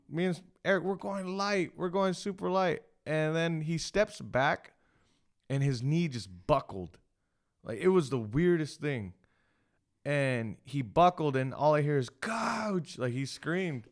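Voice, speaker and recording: A man's voice: fairly high pitch, a little slow. A man co-hosting a casual podcast chat, telling a story in a rambling way full of restarts. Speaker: podcast co-host.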